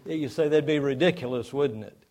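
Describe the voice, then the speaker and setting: A male pastor delivers a sermon in an easy, conversational way. He speaks at an ordinary middle pitch and keeps turning to the listeners with rhetorical questions. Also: a little fast, a little mellow.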